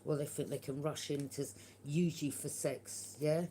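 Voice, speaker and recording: Deep, warm, and fairly even in intonation, this woman's voice moves at a normal speed over slight background noise. She's a tarot reader giving a collective reading, blunt and forthright, swearing freely and tossing in "yeah?" again and again to check in.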